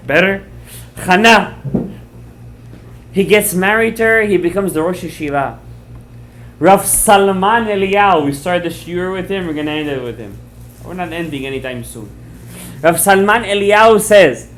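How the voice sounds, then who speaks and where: Animated male rabbi telling a story. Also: a little high, moderate pace, long pauses, a little hiss or hum. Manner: animated storyteller, acts out quoted lines, checks words with the audience; mixes in Hebrew and Aramaic terms. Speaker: rabbi teaching a class. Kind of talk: Torah class storytelling.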